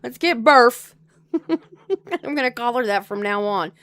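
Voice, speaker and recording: A woman's voice: on the high side, animated, slow pace, a bit bright, dry recording, clean studio sound. A woman hosting a livestream, chatting casually and rambling to her viewers with frequent laughs. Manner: rambling, laughs often, talks to chat viewers. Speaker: livestream host. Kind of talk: casual chat to a live chat.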